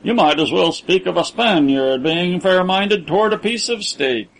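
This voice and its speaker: A man's voice: high-pitched, lively intonation, vocal fry, fairly bright tone, exaggerated voice, poor audio. A man doing a cold, scornful rich captor. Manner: cool, measured, scornful.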